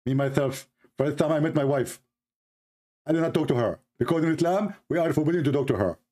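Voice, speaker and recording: A self-assured, earnest middle-aged preacher, as a man mimics him. He speaks a little higher than a usual male voice. It comes across as a mocking impression on a live stream. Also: lively intonation, a little fast, mellow, lightly acted.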